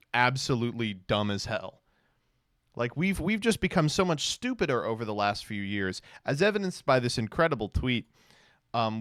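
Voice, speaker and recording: Sarcastic streamer man, lively voice. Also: medium pitch, smooth, dry recording, clean studio sound. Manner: sarcastic, mocking impressions. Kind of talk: casual commentary.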